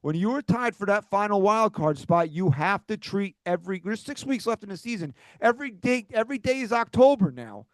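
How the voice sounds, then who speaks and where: A man's voice: high voice, expressive, normal speed, smooth, no echo. A man hosting a sports talk podcast, agitated and ranting with swearing. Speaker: podcast host.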